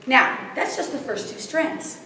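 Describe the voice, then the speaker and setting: A woman's voice: high voice, animated, unhurried, sharp tone. A woman giving a spiritual workshop talk to a live group, often checking that the audience follows. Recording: very echoey room, distant, faint noise.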